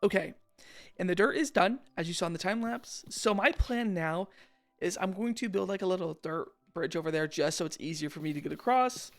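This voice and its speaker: A young man talking loosely over his gameplay footage, drifting from one thought to the next. His voice has a gravelly, fry-heavy edge, and he keeps poking fun at himself in casual slang. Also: high-pitched, fairly quick, soft background music. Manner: rambling, self-deprecating, slangy. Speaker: gaming channel host.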